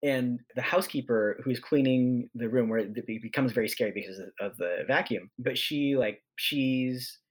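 Husky-voiced excitable man, podcast guest. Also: mid-range voice, normal speed, few pauses. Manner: excitable, restarts sentences, runs into tangents. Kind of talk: casual book discussion.

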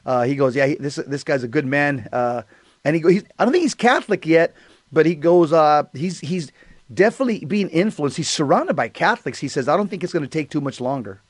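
A man with a fairly high voice recounts an encounter in casual chat, clearing his throat and filling his pauses. The sound is dry and close, with no room echo. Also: expressive. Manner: conversational, frequent throat clearing and fillers. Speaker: co-host.

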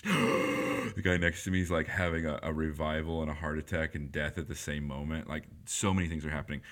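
A man telling a funny story in casual speech, animated and laughing often, with many fillers. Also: low-pitched.

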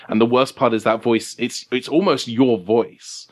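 A man narrating a tabletop game as game master, halting and repeating himself as he describes scenes. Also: mid-range voice, fairly even intonation. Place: game store.

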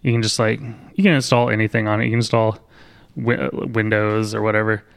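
A man's voice: on the low side, flat delivery, brisk, gravelly, smooth. A man co-hosting a podcast, chatting casually and joking with lots of fillers. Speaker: podcast co-host. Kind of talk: casual chat.

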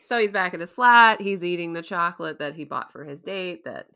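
Bright-voiced chatty woman recapping. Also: lowish voice, animated, brisk, clear, resonant tone. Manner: chatty, laughs often, storytelling recap. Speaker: podcast co-host recapping a TV episode. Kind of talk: casual chat.

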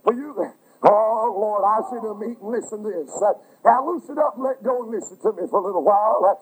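Husky high-voiced preacher. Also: male voice, brisk, rough recording. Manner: fervent, breaks into cries, many "uh" fillers. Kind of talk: fervent sermon.

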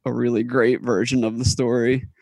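A man's voice: medium pitch, little pitch movement, normal speed, darkish tone, no room sound. A man co-hosting a podcast in casual chat, blunt and swearing, laughing between points.

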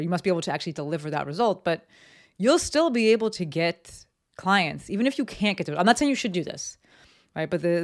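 A podcast host from New Jersey talks through a casual solo business episode from a home office, chatty and candid, with lots of ums and likes. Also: mid-range voice. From East Coast US, New Jersey.

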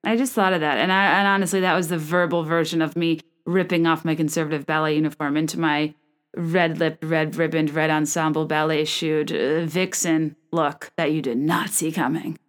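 A woman in her thirties talks alone into a microphone, rambling through funny stories about herself. Her telling is animated and self-mocking, with quick asides and little restarts. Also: deep voice. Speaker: podcast host. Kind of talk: solo comedic podcast monologue. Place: small room. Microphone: studio microphone.

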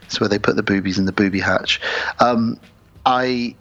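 A man's voice: on the low side, steady tone, moderate pace, a bit bright. Chatty man, slightly muffled audio. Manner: chatty storyteller, swears, acts out quotes. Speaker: podcast co-host. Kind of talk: casual chat.

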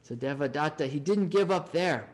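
A man gives a Dharma talk full of stories, with a voice a touch higher than most men's. He talks in an animated way and keeps asking "right?" to check in with listeners. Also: normal speed. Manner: animated, frequent "right?" tag questions. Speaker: Dharma teacher.

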